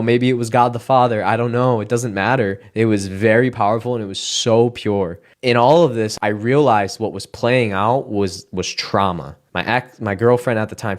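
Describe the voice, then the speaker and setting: A man with a very low voice tells his personal testimony in a casual, heartfelt way. He speaks earnestly and emotionally, often restarting and filling with "like".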